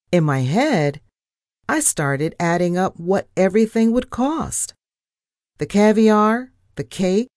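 A woman's voice: no room sound, clean studio sound. A woman reading a children's story aloud and voicing each character. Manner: voices characters with lively pitch jumps. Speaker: audiobook narrator.

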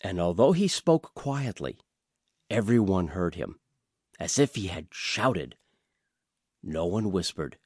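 Slow, expressive male storybook reader. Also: deep voice, slightly rough, no room sound, studio quality. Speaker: audiobook reader. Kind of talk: storybook reading aloud. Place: radio studio.

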